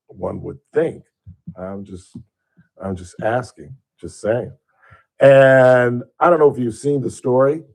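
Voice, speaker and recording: A man's voice: on the low side, creaky, darkish tone. Rambling, blunt male radio host. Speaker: radio talk show host. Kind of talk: casual radio talk.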